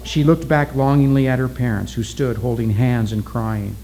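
A man narrating a story aloud in a steady, deliberate reading style. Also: mid-range voice, a little hiss or hum, rough recording.

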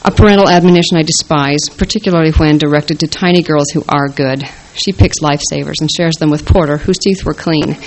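A woman's voice: deep voice, fairly even intonation, a little fast, hardly any pauses, a little hiss or hum, poor audio. A woman reading her first-person story aloud with a wry, dry delivery.

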